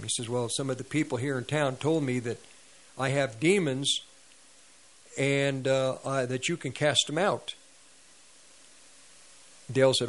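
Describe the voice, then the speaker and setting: A man's voice: medium pitch, normal speed, pauses often, fairly bright tone, low-quality recording. A man preaching on a radio ministry, retelling a story with quoted dialogue and sound effects. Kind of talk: sermon storytelling.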